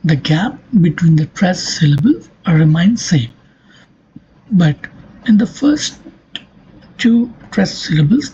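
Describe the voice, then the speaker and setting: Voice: mid-range voice, mellow, slight background noise. A lecturer giving a recorded academic talk, explaining step by step and repeating points. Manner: slow, repetitive, step-by-step explaining. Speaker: linguistics lecturer. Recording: dull lo-fi recording.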